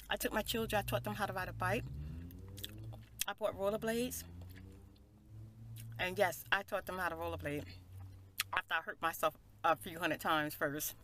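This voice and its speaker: A woman's voice: mid-range voice, fairly bright tone, slight background noise. A middle-aged woman hosting a storytime, talking casually in a rambling, conversational way. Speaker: ASMR storytime host.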